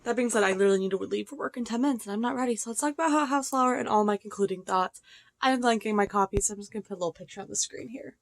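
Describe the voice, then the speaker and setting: A young woman chatting casually about a book in a reading vlog, excitable and full of fillers, swinging between hushed asides and loud outbursts. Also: medium pitch, rapid-fire, no echo. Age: young adult. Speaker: book vlogger.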